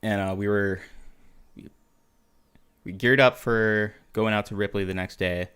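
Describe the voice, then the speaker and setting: A young man tells profane, animated stories as a guest in a casual podcast chat. His voice sits low for a man. A cat is sometimes heard in the background. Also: unhurried, smooth.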